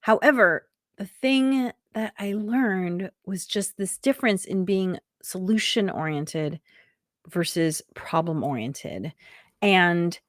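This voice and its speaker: A woman's voice: on the low side, slow, no room sound, studio quality. A woman hosting a podcast, sharing a personal story in a conversational, thoughtful way with light laughs now and then. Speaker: podcast host.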